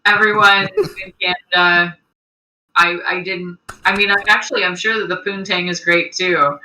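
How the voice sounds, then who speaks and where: Very bright woman in echoey room. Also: fairly low pitch, steady tone, normal speed, slight background noise. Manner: giggly, apologetic. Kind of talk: casual podcast chat.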